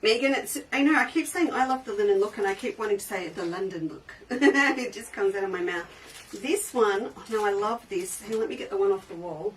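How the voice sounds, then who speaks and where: A brisk, mid-range woman's voice runs a casual live-stream sale from her sewing shop, chatty and enthusiastic, often trailing off and starting her sentences over. The mic sits slightly distant, with faint noise in the background.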